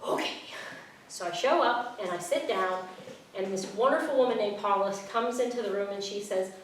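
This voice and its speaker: A woman's voice: mid-range voice, moderate pace, heavy reverb, distant mic, a little hiss or hum, poor audio. A young woman telling her own story with frankness and humor, acting out the people in it. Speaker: speaker sharing her story. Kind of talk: personal storytelling talk. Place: talk venue.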